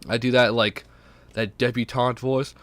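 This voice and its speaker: A man's voice: medium pitch, little pitch movement, measured pace, fairly bright tone, dry recording. A young man with a stuffy, sick voice rambling casually and profanely on his own podcast late at night. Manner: rambling, self-deprecating, profane. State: sick, congested. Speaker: podcast host. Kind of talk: casual solo podcast talk.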